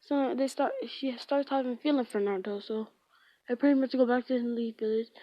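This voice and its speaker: A woman's voice: a little high, steady tone, a little fast, no echo. Rambling woman retelling a fan story. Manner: rambling, heavy on filler words, frequent self-corrections. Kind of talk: casual fan-fiction retelling. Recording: dull lo-fi.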